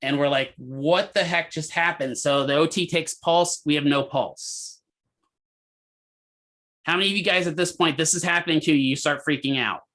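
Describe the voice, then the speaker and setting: A man teaching a physical therapy class, telling a hospital story in a lively way and asking students questions. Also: on the high side, moderate pace. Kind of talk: lecture with a clinical story.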